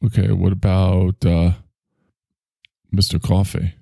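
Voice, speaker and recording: A man's voice: low-pitched, level tone, takes it slowly, vocal fry, warm tone, no room sound, clean studio sound. A man hosting a solo comedic monologue, rambling in a wry, self-mocking way. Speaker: host.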